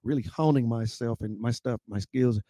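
A middle-aged man, a stand-up comedian, telling stories with lively impressions and laughter in a casual interview. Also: normal speed, no room sound. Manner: acts out voices with high-pitched impressions and laughs. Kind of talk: animated storytelling.

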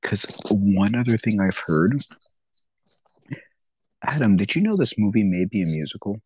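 Deep-voiced man ranting, swearing freely. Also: moderate pace, breathy edge, no echo, poor audio. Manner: profane, animated rants. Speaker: podcast co-host. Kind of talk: casual chat.

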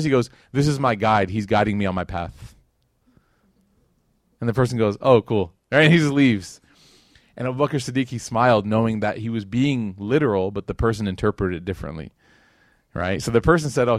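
In a dry, studio-quality recording, a man with a lowish voice gives a casual religious lecture. He tells stories conversationally, acting out the quoted lines and leaning on plenty of "like" and "right?".

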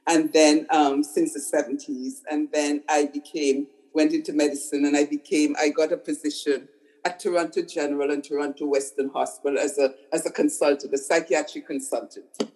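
The older psychotherapist guest speaks with a low pitch, flat delivery, and darkish tone at a normal speed. Conversational and story-driven, she repeats words for emphasis. Poor audio throughout.

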